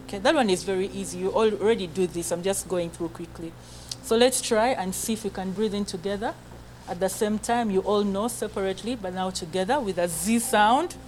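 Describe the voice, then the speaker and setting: A woman's voice: medium pitch, darkish tone, slight background noise, poor audio. A woman leading a choir through breathing exercises, counting aloud, giving short commands and checking in often with "okay?". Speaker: choir vocal coach. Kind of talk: group breathing and singing lesson.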